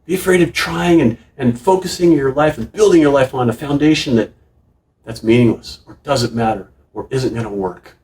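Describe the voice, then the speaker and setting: Earnest middle-aged pastor preaching. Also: male voice, medium pitch, normal speed, a little mellow. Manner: earnest, emphatic exhortations with frequent restarts. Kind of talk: sermon. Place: church sanctuary. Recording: distant room mic in a church.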